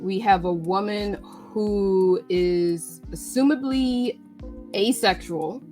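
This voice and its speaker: A woman hosting a live radio stream, chatting casually and animatedly, sometimes jumping into quick acted lines. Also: mid-range voice. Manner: animated, acts out characters' lines in quick bursts. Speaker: radio show host. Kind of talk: casual chat recapping manga.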